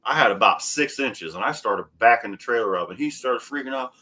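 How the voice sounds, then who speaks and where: At medium pitch and a slightly quick pace, a man co-hosts a chat full of casual stories. He's a profane, lively storyteller who raises his voice to play the people he quotes.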